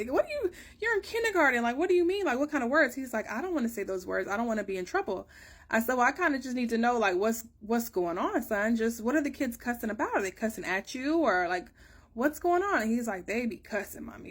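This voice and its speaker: A woman in her thirties, a mother chatting casually to her viewers and telling a long story, acting out her own questions with sudden rises in pitch. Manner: chatty storytelling, acts out dialogue with rising pitch. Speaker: mother giving a family update. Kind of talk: casual chat to camera.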